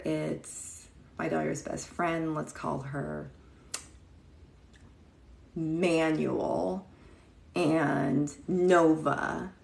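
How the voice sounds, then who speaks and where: A woman in her thirties hosts a livestream, slowly telling a story in a low, gravelly voice and greeting viewers by name as she goes. She's chatty and acts out the quotes, and the room she's in echoes.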